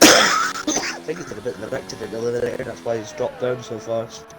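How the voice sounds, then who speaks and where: A man's voice: medium pitch, fairly even intonation, a little fast, music in the background. A man commentating live on a sim race with a strained, fading voice and frequent startled exclamations. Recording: noisy stream audio with engine sound.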